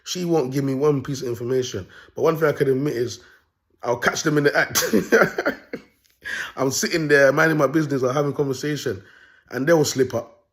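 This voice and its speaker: A young man with a mid-range voice speaks at a moderate pace in an unscripted monologue, casting himself as a prophet. He talks raw and bold in street slang, rambling and repeating himself.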